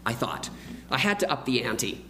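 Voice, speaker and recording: Animated man telling a sermon story. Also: mid-range voice, normal speed, a little hiss or hum, low-quality recording. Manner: animated storyteller who acts out the quoted voices. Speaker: preacher. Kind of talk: sermon with a personal childhood story.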